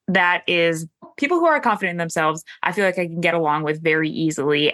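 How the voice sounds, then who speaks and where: A woman's voice: lowish voice, fairly bright tone, dry recording, clean studio sound. A woman speaking as a guest on a podcast panel, candid and blunt, swearing casually.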